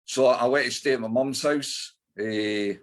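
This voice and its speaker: A middle-aged man from Scotland, medium-pitched and a little slow, speaks with an Edinburgh accent. He's a guest in an interview, telling his life story in blunt terms full of swearing and fillers.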